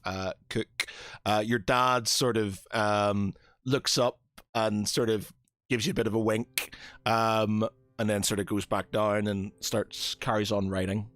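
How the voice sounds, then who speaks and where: A man's voice: fairly low pitch, fairly bright tone, no echo. Hesitant man narrating as game master. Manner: hesitant, many fillers, unhurried.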